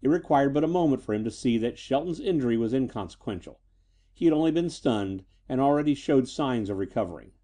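A man narrating a scripted pulp story in an expressive, dramatic way. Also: mid-range voice, brisk.

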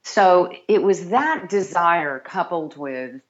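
A woman audiobook narrator chats animatedly as a guest in a casual interview, her scratchy voice carrying a sardonic edge. It's lowish and expressive, she talks slowly, and she often restarts her sentences; the recording's highs are cut off.

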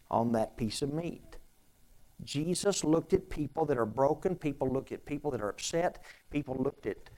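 A man with a mid-pitched voice preaches a sermon. He talks conversationally, repeats his phrases and asks his listeners rhetorical questions. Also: low-quality recording. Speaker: pastor.

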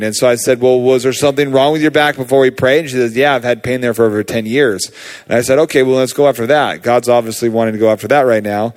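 A man preaching, telling a personal healing story in a casual, animated way with many fillers. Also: medium pitch. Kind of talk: sermon testimony.

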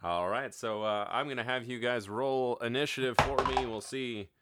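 Amid heavy background noise, a medium-pitched man speaking at a moderate pace hosts a tabletop role-playing show. He makes announcements and narrates as game master in a relaxed manner, using lots of filler words.

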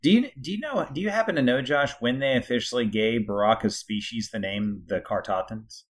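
A man's voice: mid-range voice, brisk. A man co-hosting a podcast, talking thoughtfully and hesitantly with many fillers. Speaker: podcast co-host. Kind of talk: casual chat.

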